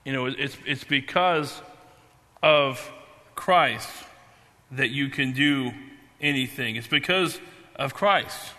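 A man preaching a sermon, halting and repeating himself, then slowing down to stress key words. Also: medium pitch, bright, forceful tone. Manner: halting, repeats and restarts phrases. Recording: long hall reverb.

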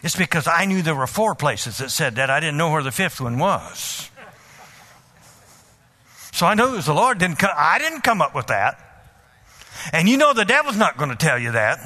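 Male preacher telling his story, animated, stumbles and repeats words, high and super bright voice. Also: moderate pace, pauses often. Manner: animated, repeats words, bursts into loud pleading. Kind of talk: sermon testimony storytelling.

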